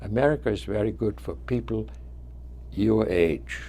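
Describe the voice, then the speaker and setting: A man in his nineties with a foreign accent whose first language is not English, telling students about his life in a halting way, with frequent restarts. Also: lowish voice, mellow. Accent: foreign accent, origin not named. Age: 90s. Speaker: guest speaker.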